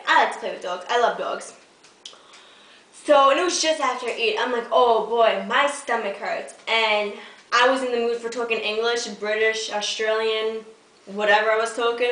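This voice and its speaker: A teenage girl chats to her camera at home, hyper and giggly, poking fun at herself. Her voice is fairly high and bright with a sharp edge. She sits back from the camera mic in an echoey room. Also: recorded from a distance, a little hiss or hum. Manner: hyper, giggly, self-mocking. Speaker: vlogger. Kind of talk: casual storytelling to camera.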